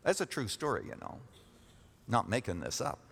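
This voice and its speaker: Pastor, male, mid-pitched, emphatic sermon delivery with repeated refrains, church reverb. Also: very animated, moderate pace, creaky, fairly bright tone, a little hiss or hum. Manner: emphatic, repeats key phrases, rises in pitch when stressing points. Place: church sanctuary. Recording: long reverb of a church hall.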